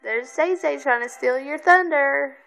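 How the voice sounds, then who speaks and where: A woman's voice: sits high, a little slow, vocal fry, a bit bright, faint music behind. A woman filming a toddler on her phone at home, patiently prompting her to repeat words in a sing-song way and praising her often. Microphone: phone camera held by the speaker.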